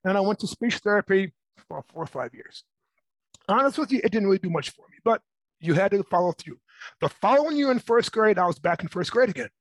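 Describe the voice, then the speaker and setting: A middle-aged man being interviewed, telling personal stories in a lively way and acting out the voices of people in them. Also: sits high, fairly quick, no room sound, rough recording. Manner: animated, acts out voices in his stories. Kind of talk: personal storytelling.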